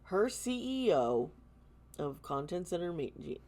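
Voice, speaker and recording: Slow, low-voiced woman vlogging earnestly. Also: sing-song, dark tone. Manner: earnest, halting, with many pauses and restarts. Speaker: tarot channel host. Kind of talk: casual vlog commentary.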